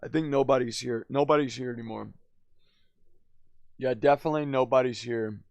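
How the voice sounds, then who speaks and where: A male streamer rambles through a story in loose, slangy talk, tacking "dude" and "man" onto nearly every sentence. His voice has a gravelly fry at mid pitch, and the sound is dry and close with no room around it. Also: steady tone, moderate pace, no room sound, dull audio. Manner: laughs often, drifts loud then quiet. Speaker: live streamer.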